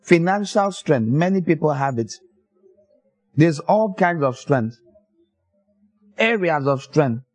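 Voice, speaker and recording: Animated preacher man. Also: fairly high pitch, slow, pauses often, no echo, rough recording. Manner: animated storytelling, acts out voices with laughter. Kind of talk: sermon.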